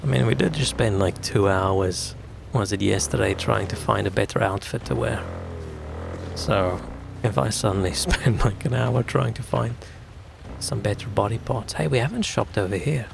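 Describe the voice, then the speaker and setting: Gravelly low-voiced man streaming a game. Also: moderate pace, background noise. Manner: relaxed, rambling, answers chat. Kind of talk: casual gameplay commentary.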